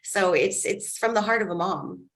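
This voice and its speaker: A woman's voice: medium pitch, moderate pace, a bit bright. A woman guest author on a podcast, speaking in a heartfelt, earnest way. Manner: heartfelt, earnest, faith-driven. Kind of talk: casual interview chat.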